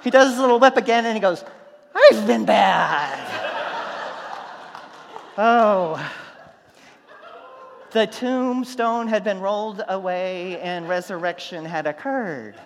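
A man preaching a sermon, telling stories, going from loud and animated to quiet and soft. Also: sits high, normal speed, hardly any pauses, in a large hall, a little hiss or hum. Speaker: pastor.

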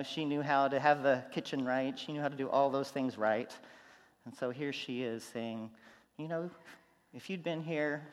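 A man preaching a sermon, telling stories, going from loud and animated to quiet and soft. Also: fairly high pitch, big-room sound. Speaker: pastor.

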